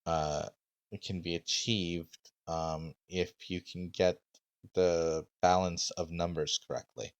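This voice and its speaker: A man with a very deep voice runs a tabletop game on his stream. He speaks slowly and haltingly, filling pauses with ums and uhs, on a dry, close mic. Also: flat delivery, dry recording. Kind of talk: casual game mastering on stream.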